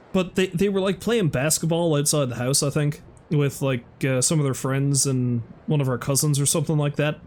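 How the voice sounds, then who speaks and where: A man's voice: medium pitch, a little mellow, a little hiss or hum. A man streaming a game who tells a rambling story in a laid-back way and swears casually. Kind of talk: casual storytelling while gaming.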